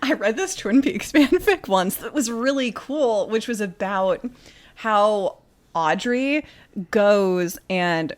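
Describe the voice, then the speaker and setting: A woman's voice: mid-range voice, lively intonation, slow. Giggly woman podcast co-host. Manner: giggly, laughs often while talking. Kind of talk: casual chat.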